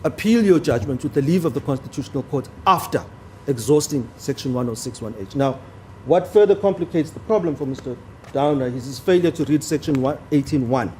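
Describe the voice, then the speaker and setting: Formal advocate, mellow voice. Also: male voice, medium pitch, a little fast, a little hiss or hum. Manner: formal, deferential to the bench, emphatic on key words. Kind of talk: courtroom legal argument. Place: courtroom.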